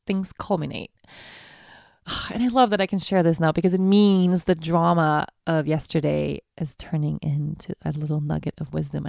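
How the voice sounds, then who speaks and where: A woman's voice: on the low side, vocal fry, darkish tone, no echo, studio quality. A woman in her twenties hosting a podcast, telling a personal story in a candid, confessional way. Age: 20s. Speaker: podcast host. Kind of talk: personal monologue.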